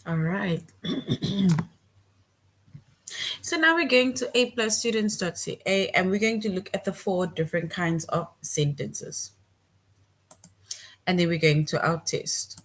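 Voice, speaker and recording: A woman's voice: lowish voice, lively intonation, slow, long pauses. Patient woman teaching a grammar lesson. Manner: patient, repeats points, checks in with "right?". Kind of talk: online grammar lesson for young children.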